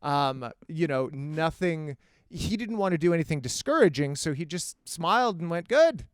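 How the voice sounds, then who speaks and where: A male comedian chatting as a podcast guest, telling animated stories and slipping into acted voices. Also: fairly high pitch, moderate pace, smooth, no echo, studio quality. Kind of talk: casual podcast conversation.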